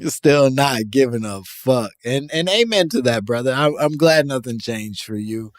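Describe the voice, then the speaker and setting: A male podcast co-host reads out a listener email, joking profanely and laughing often in casual banter. He speaks at normal speed in a mid-range, lively voice, with no echo.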